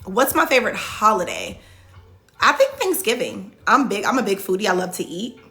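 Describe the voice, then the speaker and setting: A woman talks casually on a livestream, reading viewer comments and answering them in a loose, chatty way full of "like" fillers. Her voice is bright and forward, with faint music playing underneath. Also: medium pitch, very animated, moderate pace. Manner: frequent "like" fillers and restarts. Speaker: reality show contestant hosting a live Q&A.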